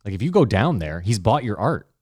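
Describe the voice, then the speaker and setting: A man's voice: lowish voice, fairly quick, husky, no room sound, studio quality. A young man hosting a podcast, casually telling stories with lots of swearing. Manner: swears freely, animated storyteller. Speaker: podcast host. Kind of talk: casual chat.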